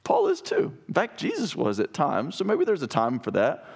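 A male pastor with a fairly high voice delivers a sermon from a church sanctuary. He reads scripture, then explains it in a conversational tone and puts questions to the congregation. His pitch swings widely. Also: wildly swooping pitch, moderate pace, gravelly, darkish tone, husky.

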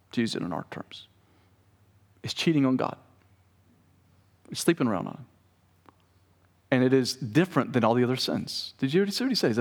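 A man delivering a sermon in a conversational style, turning often to his listeners with quick asides. His voice sits at an ordinary middle pitch. It carries with a long reverb, as in a church sanctuary. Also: slightly rough. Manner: conversational preaching with asides to the congregation. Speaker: pastor.

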